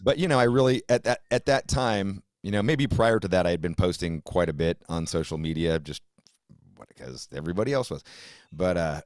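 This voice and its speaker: A man's voice: low-pitched, fairly quick, dry recording, studio quality. A middle-aged man hosting a podcast, talking casually, swearing a lot and acting out people in mocking voices. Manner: profane, animated, mimics people in put-on voices. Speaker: podcast host. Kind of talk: casual conversation.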